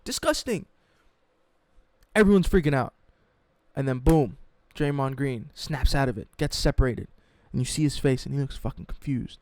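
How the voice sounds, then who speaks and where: A man telling a sports story in a mocking, animated, profane way, as a sports YouTuber. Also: medium pitch, moderate pace, no echo.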